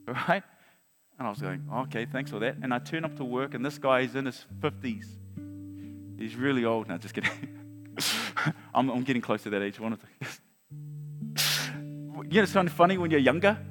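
A man in his forties preaching a sermon, telling a personal story in an animated way with chuckles and restarts. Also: medium pitch, moderate pace, pauses often. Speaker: pastor. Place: large church hall. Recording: long hall reverb with faint guitar.

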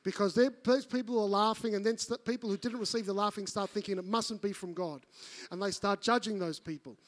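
A pastor with a high-pitched, fairly quick voice delivers a sermon full of stories. He's animated, acting out the voices of the people in each tale.

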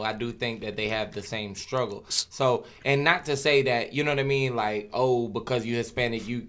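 Brief: male podcast co-host, mid-pitched, steady and reflective, filler-heavy phrasing. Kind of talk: casual podcast chat.

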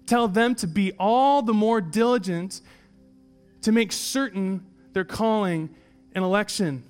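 A man's voice: high voice, lively intonation, slow, soft background music. A man voicing an ashamed man who stands empty-handed in heaven, pleading to have a warning carried to his family. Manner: pleading, repetitive.

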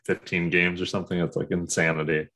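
A man co-hosting a casual sports podcast, talking like an excited fan with lots of "like" and "um". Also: sits low, fast talker. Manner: excitable fan talk, many fillers. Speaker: podcast co-host.

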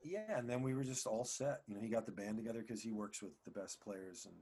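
A man being interviewed, telling long casual stories in a rambling, animated way full of restarts and fillers. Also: fairly low pitch, fast, husky. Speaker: actor and singer, guest.

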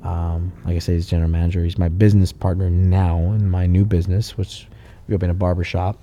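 A car builder and shop owner chats casually on a podcast, telling animated stories packed with swearing. He has a low voice and talks fast.

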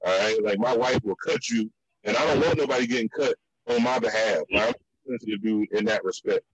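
A man from the Virginia and DC area telling stories in a casual chat, with many restarts and high jumps in pitch for the quotes. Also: brisk, slightly rough, no room sound, muffled recording. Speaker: guest.

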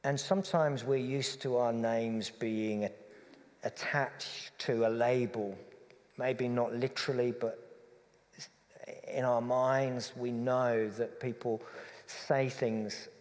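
A man preaching a reflective, conversational sermon that softens to a gentle hush. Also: medium pitch, steady tone, slow pace, long reverb tail.

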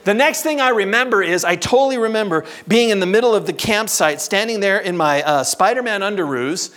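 A man preaches through a personal story in front of a live audience. His delivery is animated and humorous, and his pitch swings widely as he builds scenes. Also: a little fast. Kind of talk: sermon storytelling.

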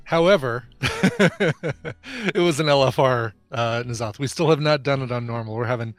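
A man's voice: medium pitch, lively intonation, measured pace, dry recording, faint music behind. Playful man co-hosting a stream. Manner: playful, jokey, with silly bits. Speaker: co-host. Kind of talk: casual live-stream chat.

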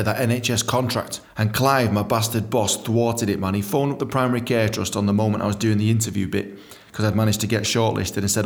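An English man reads his own memoir and breaks into crude, joking asides that are full of swearing. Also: medium pitch. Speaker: author reading his book.

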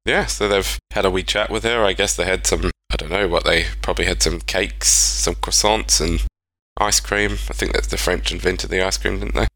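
Deep-voiced man telling a story. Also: fairly even intonation, normal speed, fairly bright tone, poor audio. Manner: rambling, speculative storytelling with asides. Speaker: podcast co-host. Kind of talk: casual storytelling chat.

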